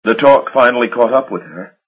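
Man putting on a frightened young woman vampire, anxious, pleading, raised strained voice, husky, dull audio. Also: mid-range voice, a little fast, voice pushed up, natural voice.

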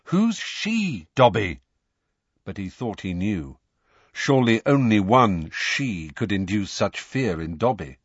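A man reading an audiobook as narrator in an animated storytelling manner. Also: on the low side, unhurried, slightly rough, no echo. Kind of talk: scripted narration. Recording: dull lo-fi dry recording.

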